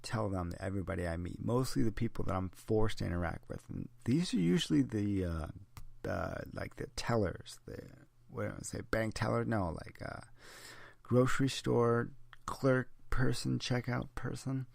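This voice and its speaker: A man's voice: fairly low pitch, normal speed, gravelly, darkish tone, no echo. A young man, a little drunk, rambling and swearing his way through a solo podcast monologue. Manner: profane, rambling, tipsy. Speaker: podcast host.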